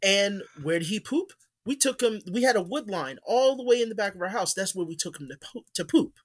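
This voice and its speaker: A man's voice: sits high, expressive, a little fast. A man telling a story in casual podcast chat, rambling with many fillers and restarts. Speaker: podcast co-host.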